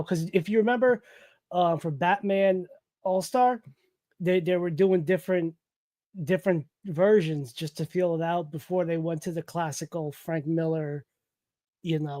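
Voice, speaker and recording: A man's voice: high-pitched, moderate pace, darkish tone, no echo. A man chatting about comic book art, rambling and trailing off mid-sentence, with crude jokes. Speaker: comic book stream co-host.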